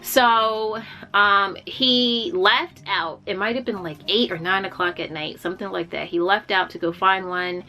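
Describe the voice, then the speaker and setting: Young woman vlogger, bright clear voice, candid heartfelt storytelling, faint music underneath. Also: mid-range voice, steady tone, unhurried. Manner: candid and heartfelt, with frequent fillers and restarts. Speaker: vlogger sharing a personal story. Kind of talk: casual personal storytelling.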